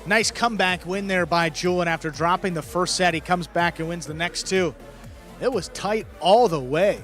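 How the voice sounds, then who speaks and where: A man announcing live sports play-by-play in brisk, clipped calls of each play. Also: high voice, a bit bright.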